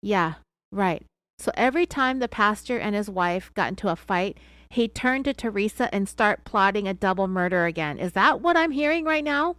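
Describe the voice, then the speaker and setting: A woman's voice: mid-range voice, animated, moderate pace, a bit bright, clear, resonant tone, no room sound. Sarcastic woman telling a true crime story. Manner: sarcastic, opinionated asides. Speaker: podcast host.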